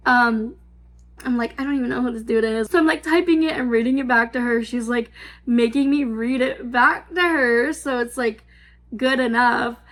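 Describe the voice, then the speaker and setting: High-voiced young woman rambling a story. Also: normal speed, a bit bright. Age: 20s. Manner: rambling, filler-heavy, swearing, giggly. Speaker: vlogger. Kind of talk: casual storytime.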